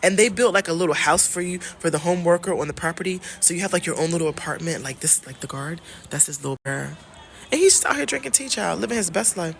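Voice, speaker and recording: Woman from the us talking to her viewers, lively and emphatic, a bit of room noise behind. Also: fairly low pitch, fast, creaky. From United States. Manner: animated and emphatic, repeats phrases, talks straight to viewers. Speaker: travel vlogger and love coach. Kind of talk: casual vlog chat.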